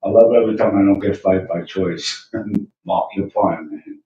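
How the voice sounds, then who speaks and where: A man's voice: sits low, normal speed. A man hosting a casual livestream, venting in a rambling rant full of profanity and fillers. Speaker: livestream host. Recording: roomy, distant, muffled lo-fi sound.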